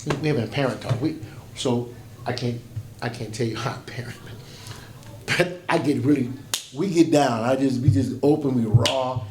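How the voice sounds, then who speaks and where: Folksy pastor talking in an echoey room. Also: male voice, mid-range voice, moderate pace. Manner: folksy storytelling with quoted voices. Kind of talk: conference workshop talk. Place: conference breakout room. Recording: echoey room with faint background noise.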